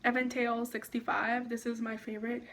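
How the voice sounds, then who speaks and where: A young woman vlogging at home, chatting excitedly and rambling through a makeup tutorial with lots of likes and ums. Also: on the high side, brisk.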